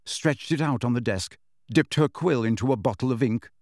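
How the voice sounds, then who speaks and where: A man reading a novel aloud as audiobook narration, in measured, expressive storytelling. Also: mid-range voice, dry recording, studio quality. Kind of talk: scripted narration.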